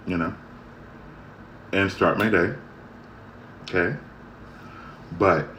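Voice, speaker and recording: A man talking straight to the camera in a casual vlog, venting his annoyance in a heated, repetitive way that swings from loud to quiet. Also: low voice, dull audio, a little hiss or hum. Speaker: vlogger. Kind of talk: casual ranting monologue.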